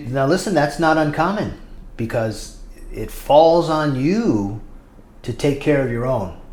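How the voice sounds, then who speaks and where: A man's voice: medium pitch, a little mellow. A man telling a story about his time in prison, in a blunt, profane, conversational way, as a podcast guest. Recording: echoey room with faint noise.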